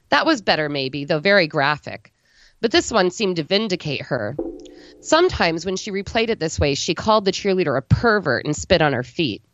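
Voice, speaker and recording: A woman reads a literary story aloud in a low voice, steady and matter-of-fact without flinching. The recording sounds dry and a little dull, as if from a lo-fi mic with no room in it. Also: normal speed, dry recording. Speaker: story reader.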